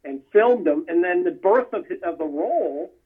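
A man's voice: sits high, animated, moderate pace, husky. A man chatting casually about old films, rambling with many fillers and restarts. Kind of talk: casual film chat. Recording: tinny phone-line sound.

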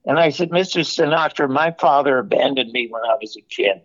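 An older man, a television producer, telling animated stories in an interview and acting out the dialogue. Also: medium pitch, brisk. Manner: animated anecdote-telling, acts out quoted dialogue. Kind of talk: storytelling interview. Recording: muffled, lo-fi audio.

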